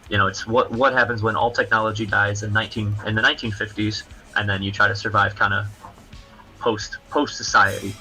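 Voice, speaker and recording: A man with a low, gravelly voice that still sounds bright and forceful, chatting casually as a comic creator on a livestream. He explains things in a halting, rambling way. Soft music plays faintly behind him. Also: rough recording. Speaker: comic book creator guest.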